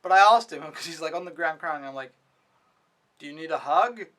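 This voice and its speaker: Speaking a little fast in a slightly high, somewhat bright voice, this young au pair vlogger recaps his week casually. His talk wanders, is packed with "like" and includes frequent swearing.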